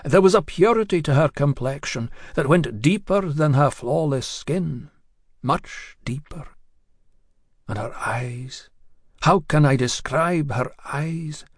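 A male storyteller with a slightly high voice narrates in the first person, measured and confiding, as if speaking straight to the listener. The recording is close and dry, with no room echo. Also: slightly rough.

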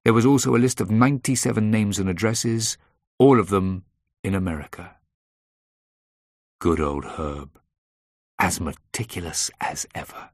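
Low husky guy reading a thriller audiobook, measured, dry sound. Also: no room sound. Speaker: audiobook narrator. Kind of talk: first-person thriller narration.

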